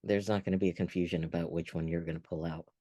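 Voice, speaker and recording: A man with a very low, dark voice muses slowly through his ideas, often circling back and restarting. He sounds like a reflective podcast co-host. The sound is dry and close. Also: flat delivery, no room sound. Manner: musing, thinks aloud with restarts. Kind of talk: reflective casual conversation.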